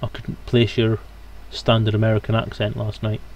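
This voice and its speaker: A man's voice: on the low side, monotone, normal speed, darkish tone, slight background noise. A British man from Scotland, streaming a game and chatting casually with his viewers as he plays. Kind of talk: casual live-stream gaming commentary.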